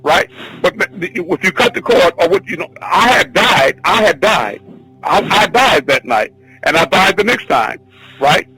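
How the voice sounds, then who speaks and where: A man teaching a spiritual class, telling a long personal story in an excited, rambling, repetitive way. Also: high voice, measured pace, slightly rough, faint music behind, low-quality recording. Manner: excitable, repetitive, restarts often. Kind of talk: rambling spoken testimony.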